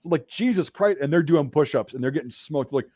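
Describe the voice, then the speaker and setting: A man hosting a casual talk, telling a profane story and acting out drill sergeants' shouts. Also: medium pitch, fast talker, breathy edge, no room sound, dull audio. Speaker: podcast host.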